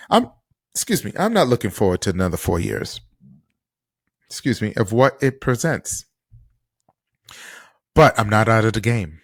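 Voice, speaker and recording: A man's voice: medium pitch, no room sound. Impassioned man hosting political podcast. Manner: impassioned, rhetorical questions. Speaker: podcast host. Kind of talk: political commentary monologue.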